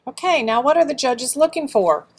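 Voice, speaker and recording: A woman teacher giving students an instructional talk on contest rules, laying out each judging criterion clearly and step by step. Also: high voice, lively intonation, moderate pace. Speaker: school teacher explaining a speech contest. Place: school media center.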